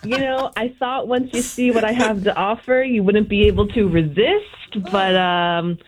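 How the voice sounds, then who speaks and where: A woman's voice: medium pitch, moderate pace, a loud crowd, low-quality recording. A brash, self-assured woman calling in to a comedic radio bit, talking in a flirty, teasing way.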